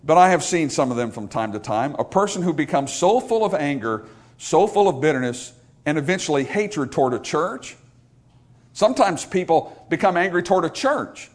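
A man's voice: fairly high pitch, very animated, normal speed. A male pastor preaching a sermon, emphatic and repetitive, calling out for amens from the congregation.

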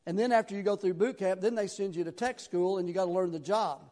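A middle-aged man from Tennessee with a Southern accent, preaching a sermon in a folksy, rambling way with sudden loud bursts. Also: high voice, fast. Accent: Southern American. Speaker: pastor.

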